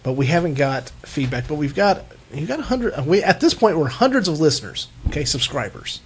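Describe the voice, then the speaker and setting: A man's voice: fairly high pitch, sing-song, fairly quick, slight background noise. A man hosting a casual podcast, rambling loosely and laughing often. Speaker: podcast host. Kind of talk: casual chat.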